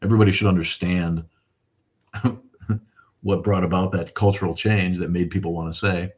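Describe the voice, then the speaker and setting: A man's voice: low voice, steady tone, moderate pace, darkish tone. A middle-aged man hosting a casual livestream, thanking viewers and ranting in a profane, rambling way. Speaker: livestream host. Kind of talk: casual livestream chat reading viewer comments.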